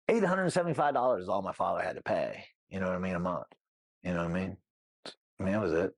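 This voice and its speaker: Speaking in a deep, gravelly voice with no room sound, a middle-aged interview guest tells his story openly. He rambles, peppering it with frequent "you know what I mean" asides.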